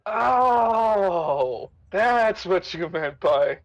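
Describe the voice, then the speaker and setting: A man's voice: high voice, animated, slow, muffled recording. A man playing in a tabletop game, talking hesitantly with lots of fillers and giggling. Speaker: player.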